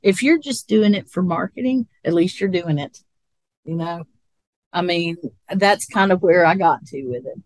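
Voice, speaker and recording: A woman's voice: lowish voice, moderate pace, no echo. A woman co-hosting a podcast in casual chat, rambling and laughing a lot. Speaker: podcast co-host.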